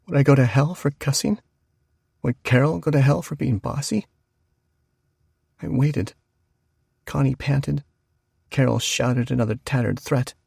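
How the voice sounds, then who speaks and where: Man narrating a horror audiobook, gravelly and husky, dry close sound. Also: medium pitch, dark tone, dry recording.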